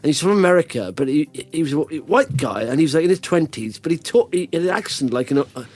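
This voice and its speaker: A man's voice: a little high, lively intonation, quick pace, darkish tone, soft background music. A man hosting a podcast, telling rambling stories full of restarts and fillers in a casual chat. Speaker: podcast host.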